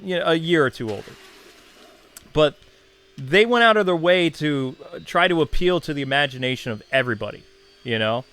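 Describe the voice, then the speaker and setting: A man's voice: a little high, fairly bright tone. A man in his thirties, a channel host, casually reminiscing in a chatty, digressive way with many asides.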